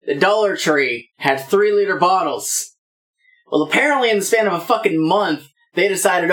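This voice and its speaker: A woman co-hosts a podcast in casual conversation, swearing freely and laughing often. Her voice is on the low side and fairly bright, with lively intonation and a moderate pace.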